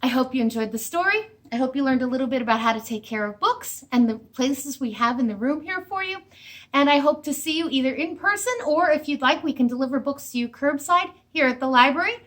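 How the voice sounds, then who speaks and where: Female children's librarian, high and lively, bright sing-song storytime delivery. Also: a little fast. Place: library room.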